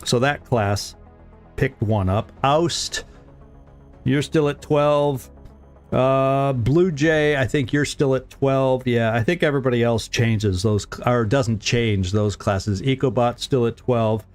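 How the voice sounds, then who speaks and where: A man in a mid-pitched voice streams a strategy game and chats easily with his viewers. He chuckles often and trips over repeated words as he thinks aloud. Faint music plays in the background. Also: slow. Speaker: gaming streamer. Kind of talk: casual let's-play commentary.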